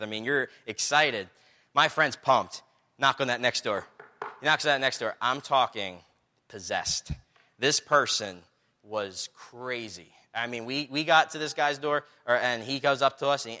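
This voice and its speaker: A young man preaching a sermon, energetic and storytelling, acting out the people he quotes. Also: medium pitch. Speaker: pastor.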